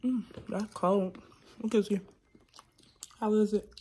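A woman's voice: mid-range voice, steady tone, takes it slowly, warm tone, slight background noise. A young woman and mother in a casual vlog chat, talking to her viewers in a chatty way and often calling them y'all. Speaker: vlogger and mother.

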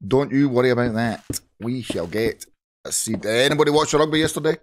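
A Scottish man with a hoarse, groggy voice, chatting casually to viewers while playing Minecraft on his channel. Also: medium pitch, a little fast, slight background noise. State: hoarse from shouting. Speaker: gaming channel host. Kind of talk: casual Minecraft let's play commentary.

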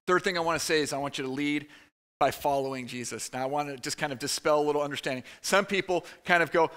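A man preaching a conversational sermon to his church, with quick asides to the room. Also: a little high, a bit bright. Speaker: pastor. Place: church sanctuary.

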